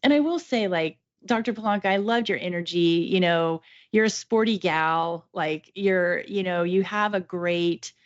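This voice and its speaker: Chatty woman, low voice, dull audio. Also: a little slow, hardly any pauses. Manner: chatty, effusive, many restarts. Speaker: patient guest. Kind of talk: casual podcast conversation.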